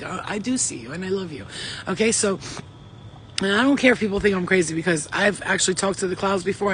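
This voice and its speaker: On a low-quality recording with a faint hum underneath, a high-voiced man who channels spirits and vlogs addresses his audience head-on. His loose monologue is full of swearing and excitement as he darts from one story to another.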